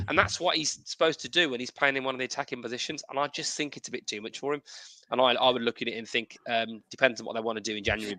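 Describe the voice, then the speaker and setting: Fast, bright-voiced man co-hosting. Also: mid-range voice, dry recording. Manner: rapid and emphatic, stacks repeated phrases. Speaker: podcast co-host. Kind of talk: casual football chat.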